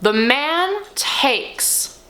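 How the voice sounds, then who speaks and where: A young woman talking casually and candidly as a book vlogger, swearing freely and swinging her pitch up and down. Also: very animated, drawn-out words, bright, forceful tone. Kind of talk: casual chat.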